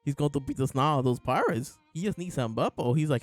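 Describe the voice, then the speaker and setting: A man's voice: a little high, expressive, normal speed, no echo, faint music behind. A man casually reviewing and discussing a comic chapter, rambling with many fillers and chuckles. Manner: laid-back, rambling, lots of fillers and laughs. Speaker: podcast host reviewing a manga chapter. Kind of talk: casual chat.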